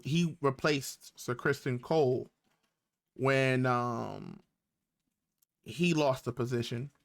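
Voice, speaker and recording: A man casually recapping a TV episode, loose and slangy, with lots of fillers and acted-out quotes. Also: fairly high pitch. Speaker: YouTube reviewer.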